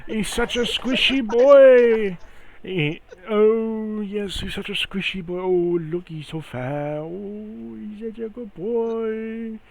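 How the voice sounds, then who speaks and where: Man voicing a doting cat-obsessed guy, high cooing baby talk, fantasy tabletop game. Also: takes it slowly, creaky, few pauses, darkish tone, full character voice. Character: doting cat-loving man gushing over pets.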